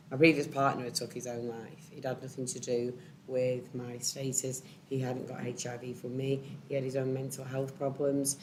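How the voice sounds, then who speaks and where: A woman's voice: rumbling low, little pitch movement, normal speed. Woman, personal story, candid, emotional, ums, faint hiss. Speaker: panel speaker.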